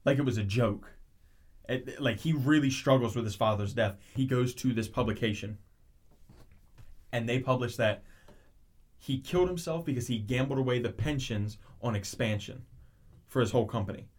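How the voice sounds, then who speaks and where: A man's voice: mid-range voice, moderate pace. A man in casual chat, animatedly retelling a show's plot with lots of restarts and tangents. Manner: rambling, animated storytelling with frequent restarts.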